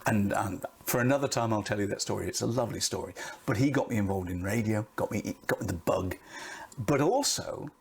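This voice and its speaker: A middle-aged British man coaching on camera presence, talking in an animated way and swinging his pitch and volume for emphasis. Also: a little fast, creaky, slight background noise.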